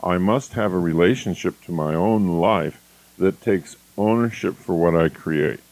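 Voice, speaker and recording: A man's voice: deep voice, measured pace, a little mellow, no room sound, rough recording. A man giving a motivational lecture, acting out quoted phrases in contrasting tones. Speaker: motivational speaker.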